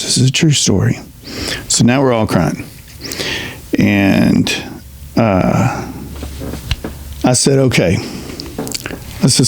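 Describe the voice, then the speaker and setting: A middle-aged man, a retired veterans' representative, speaking earnestly in a halting personal monologue full of restarts. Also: medium pitch, breathy edge. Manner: earnest, halting storyteller with many restarts and fillers.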